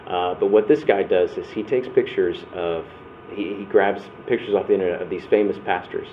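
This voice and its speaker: A man giving a conversational talk at a church workshop, telling personal stories and acting out the quotes. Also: low voice. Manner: conversational, restarts and acts out quotes. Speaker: breakout session speaker. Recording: tinny phone-like sound with faint noise.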